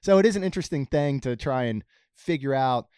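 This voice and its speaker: A man's voice: mid-range voice, lively intonation, brisk, warm tone, clear, resonant tone, dry recording, clean studio sound. Chatty man hosting a podcast. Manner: chatty storyteller, lots of fillers. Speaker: podcast host. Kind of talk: casual chat.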